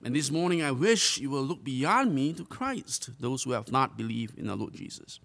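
An earnest male pastor delivering a sermon. His pitch sits in the middle range, and he draws out the words he wants to land. He sometimes stumbles and restarts a phrase as he presses his point. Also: very animated, gravelly, a bit bright. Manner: earnest, drawn-out emphasis on key phrases; repeats and restarts words while preaching.

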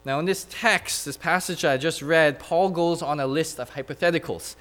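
A man's voice: fairly high pitch, moderate pace, few pauses, a bit bright. A man preaching a sermon, reading scripture aloud with many "uh" fillers and building to emphatic repetition.

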